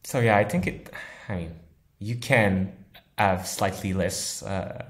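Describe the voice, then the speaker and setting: A man who works as a software engineer answering interview questions in a thoughtful, easygoing way, often laughing. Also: fairly low pitch, slow pace. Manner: thoughtful, laughs easily, uses analogies.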